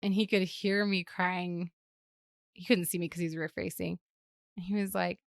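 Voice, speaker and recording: Low-voiced woman with vocal fry. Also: flat delivery, normal speed, no echo, clean studio sound. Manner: reflective, emotional, with many "like" fillers. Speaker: podcast host and parent. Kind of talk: personal storytelling.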